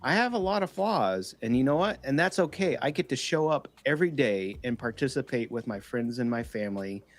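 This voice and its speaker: A man's voice: mid-range voice, lively intonation, brisk. Earnest man in his thirties on a podcast. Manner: earnest, encouraging, emphatic, swears for emphasis. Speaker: podcast co-host. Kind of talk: casual conversational podcast chat.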